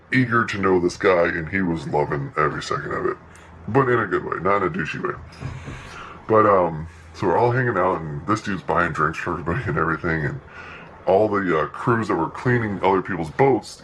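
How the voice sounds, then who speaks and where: Low-voiced man telling a casual story. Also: a bit bright, slight background noise, poor audio. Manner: laid-back, swears freely, acts out quotes. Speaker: podcast host.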